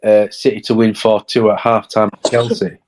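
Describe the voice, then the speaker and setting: A man's voice: on the low side, flat delivery, normal speed, a little mellow. A man chatting casually as a podcast co-host, hesitant, with many restarts. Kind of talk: casual chat.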